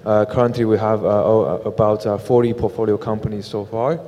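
A man who directs an angel investment group, speaking on a panel in a halting way with many "uh" fillers. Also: fairly low pitch, fairly even intonation, mellow, slight background noise. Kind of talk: panel discussion. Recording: long hall reverb.

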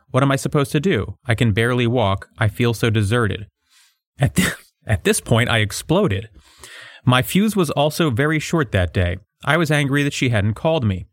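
A man's voice: mid-range voice, dry recording, clean studio sound. A man co-hosting a podcast, reading a book passage aloud and then mocking it with sarcastic jokes and frequent laughter. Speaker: podcast co-host.

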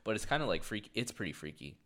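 A man co-hosting a casual podcast, swearing freely and retelling a story with animated quoted lines. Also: fairly low pitch, quick pace. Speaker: podcast co-host. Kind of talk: casual chat.

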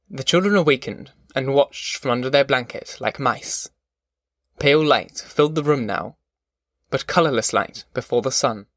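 Steady male audiobook narrator, dry sound. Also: mid-range voice, dry recording. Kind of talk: scripted narration.

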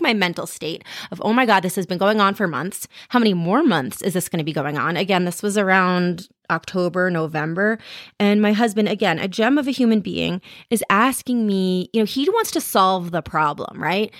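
Woman, thirties, podcast host, candid self-mocking storytelling, fairly low voice, dry close sound. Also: a bit bright, no echo. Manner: frank, self-deprecating, swears freely. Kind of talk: candid personal storytelling monologue.

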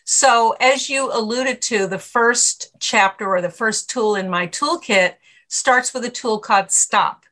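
Middle-aged woman, bright higher voice, animated storyteller explaining stress tips. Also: a little slow. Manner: animated storyteller, acts out her own inner voice. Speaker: author and stress coach guest. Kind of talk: interview answer with anecdotes.

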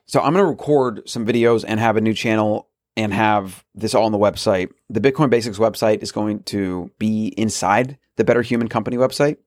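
A man's voice: lowish voice, a little fast, hardly any pauses, dry recording, clean studio sound. A man hosting a solo podcast, talking earnestly in a rambling way with frequent restarts. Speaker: podcast host.

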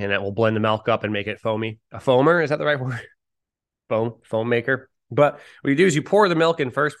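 A man hosting a podcast on his own, chatting casually in a rambling, self-deprecating and upbeat way. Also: mid-range voice. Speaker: podcast host. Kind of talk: casual solo podcast chat.

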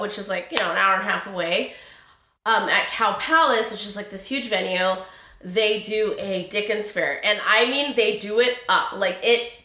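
Woman, young adult, somewhat high voice, bright tone, chatty, acts out quotes. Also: roomy sound. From Sacramento area, California. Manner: animated, acts out quotes, says y'all, laughs often. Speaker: podcast host. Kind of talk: chatty personal storytelling.

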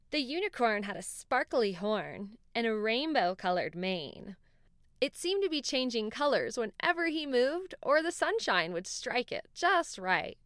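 A woman narrates a children's storybook in a gentle, warm way. Her higher voice rises and falls in a lively, lilting line at a slow, easy pace. The recording is close and dry. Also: no echo. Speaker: podcast host and storyteller.

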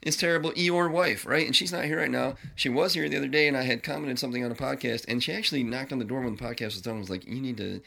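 A man's voice: mid-range voice, racing, gravelly, hardly any pauses, bright, forceful tone. A man hosting a podcast, talking in a blunt, profane, rambling monologue. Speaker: podcast host. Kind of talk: casual ranting monologue.

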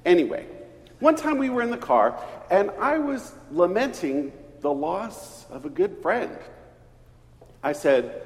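Middle-aged pastor from East Texas, unhurried storyteller with a lively, swooping voice, heard in a reverberant church hall. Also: male voice. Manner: slow, storytelling delivery with wide swings in pitch and volume. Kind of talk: sermon.

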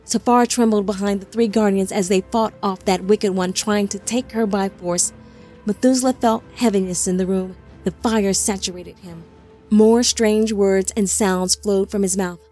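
A woman narrating an audiobook in a measured, somber storytelling manner on a close mic. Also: mid-range voice, warm tone, breathy edge.

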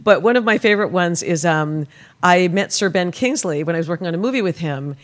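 A woman hosting a casual interview, chatty and quick to laugh. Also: lowish voice, expressive. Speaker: podcast host.

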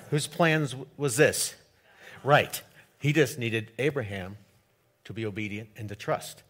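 A male pastor reading scripture and preaching, animated and jokey, swinging between loud and hushed delivery. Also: medium pitch, measured pace, husky.

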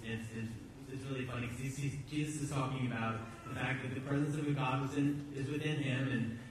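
A man's voice: medium pitch, flat delivery, fairly quick, background noise. A man preaching a sermon as pastor, in a conversational, emphatic way, often repeating words as he goes. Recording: echoey hall, distant mic.

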